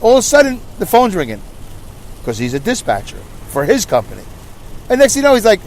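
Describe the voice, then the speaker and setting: A man's voice: high-pitched, huge pitch swings, fast talker. A middle-aged man hosting a podcast, telling a ranting story and acting out other people's lines. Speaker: podcast host. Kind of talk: ranting monologue.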